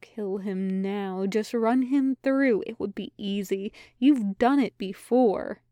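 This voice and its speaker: A woman voicing a malicious male voice in someone's head, slow, hissing and coaxing. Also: mid-range voice, dark tone, no room sound, close to an everyday voice. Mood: menacing.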